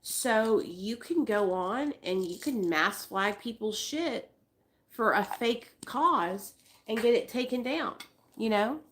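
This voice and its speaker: A woman's voice: on the high side, expressive, takes it slowly, a bit bright, slight background noise. A woman in her forties hosting a casual live stream, who speaks bluntly and swears freely, and keeps breaking off to coax her dogs in a sing-song voice. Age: 40s. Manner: blunt and profane, talking straight to viewers. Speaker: livestream host.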